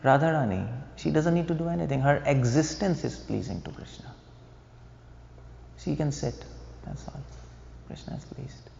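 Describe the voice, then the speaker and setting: A man's voice: fairly high pitch, lively intonation, moderate pace, gravelly, pauses often, a little mellow, a little hiss or hum. A man giving a devotional lecture, explaining points and asking the audience rhetorical questions. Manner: explanatory, asks the audience rhetorical questions, chuckles at own jokes. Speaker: preacher. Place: temple hall. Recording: echoey hall, dull lo-fi sound.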